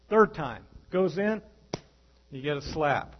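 A man preaching a sermon as pastor, animated, acting out the voices in his stories. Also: a little high, moderate pace, highs cut off.

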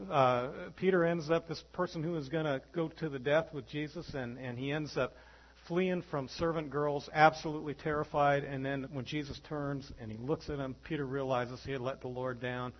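A man preaching a sermon as pastor, animated, acting out the voices in his stories. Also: on the high side, dull audio.

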